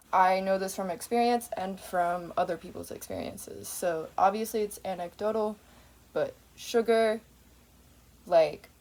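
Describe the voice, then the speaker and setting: A woman's voice: mid-range voice, darkish tone. A woman in her twenties talking to camera in a rambling, tangent-filled monologue, swearing freely. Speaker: vlogger.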